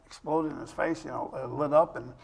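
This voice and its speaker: A man's voice: fairly high pitch, fairly even intonation, a little fast, gravelly. An older man hosting a talk show interview, chatty and telling long personal stories. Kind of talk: casual interview chat.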